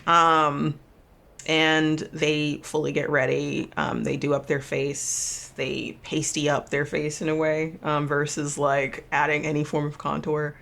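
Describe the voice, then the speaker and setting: Game master, male, gravelly, meandering narration for a tabletop game. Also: on the high side, fairly bright tone. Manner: rambling, many fillers and restarts.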